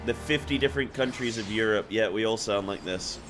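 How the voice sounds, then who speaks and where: A man's voice: lowish voice, brisk, over music. A man streaming a video game, chatting casually with viewers in a laid-back, joking way.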